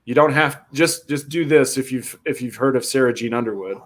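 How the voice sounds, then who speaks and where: A young man hosting a podcast, telling a story with lots of acted-out quotes and big jumps in pitch. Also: fairly quick. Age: young adult. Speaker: podcast host. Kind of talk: animated storytelling.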